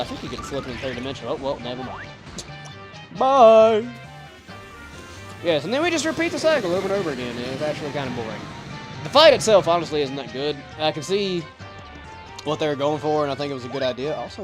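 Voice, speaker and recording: A young man giving casual, rambling gameplay commentary, joking at his own expense and tripping over his words. His pitch sits a bit high and moves a lot. Game music plays clearly underneath. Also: expressive, quick pace. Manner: rambling, self-deprecating, stumbles over words. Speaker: let's play host.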